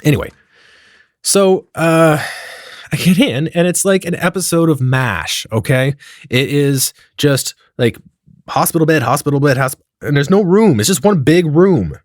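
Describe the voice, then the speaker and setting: A man's voice: on the high side, a little slow, no room sound. Guy telling a funny story, swears a lot, voice bounces all over, dry close sound. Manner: profane and animated, acts out dialogue. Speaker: comedic storyteller. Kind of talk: comedic storytelling monologue.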